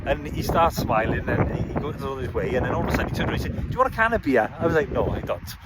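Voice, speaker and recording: A man's voice: medium pitch, fast, very noisy. A man telling a story in a casual vlog, recorded outdoors in a car park, animatedly acting out both sides of an argument.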